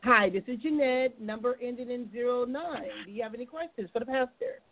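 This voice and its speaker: A woman hosting a call-in talk show, brisk and encouraging as she takes callers. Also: fairly high pitch, a crowd in the background. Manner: brisk, encouraging, with frequent affirming murmurs. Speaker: show host. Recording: tinny phone-line audio.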